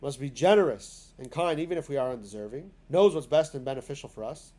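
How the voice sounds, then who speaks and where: A man's voice: medium pitch, animated, fast, warm tone. A man teaching a spoken lesson in a synagogue class, talking in a conversational way full of fillers and restarts.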